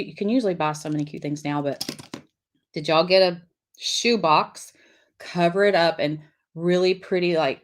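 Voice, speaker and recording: A middle-aged woman chats her way through a live craft lesson. Her voice sits a little low, and she talks loosely and warmly to viewers while she draws, picking up their comments as she goes. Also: a little hiss or hum. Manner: chatty, reads viewer comments aloud while drawing. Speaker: lettering class host.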